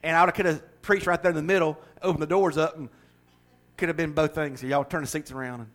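Man, middle-aged, pastor, high voice, folksy sermon, rising to fervent preaching. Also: fairly even intonation, quick pace, fairly bright tone.

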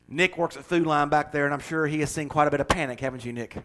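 A middle-aged man preaching a folksy, joking sermon that swells into fervent, loud passages. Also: fairly high pitch, fast, few pauses. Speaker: pastor.

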